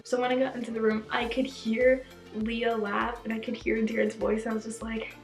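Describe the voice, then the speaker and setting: A young woman telling a story to her viewers in casual vlog chat, excited and gushing, saying "like" constantly. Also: fairly high pitch, moderate pace, gravelly, soft background music. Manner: gushing, excitable, fills speech with "like". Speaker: vlogger. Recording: echoey room.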